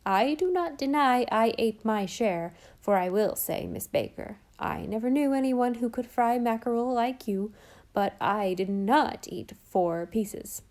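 A woman's voice: on the high side, lively intonation, measured pace, darkish tone. A woman reading as a blunt, outspoken visitor. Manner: blunt, forthright. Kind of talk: audiobook character voice.

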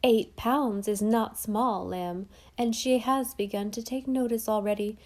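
A woman voicing a brisk, devoted elderly housekeeper who talks bluntly with old-fashioned sayings. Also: on the high side, steady tone, a little mellow, natural voice. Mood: emphatic.

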